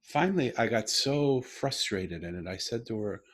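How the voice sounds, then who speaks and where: A middle-aged man hosting a podcast over a video call, telling an intimate story earnestly with halting restarts and bursts of emphasis. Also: mid-range voice, expressive, fairly bright tone, slightly rough. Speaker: podcast host. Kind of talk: conversational storytelling.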